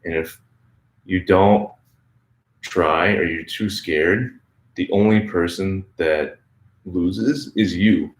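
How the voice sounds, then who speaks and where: A man hosting an English-learning channel, answering viewer questions in a relaxed, chatty way full of "like" and "um". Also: deep voice, slow pace, long pauses, roomy sound. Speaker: English teacher, channel host.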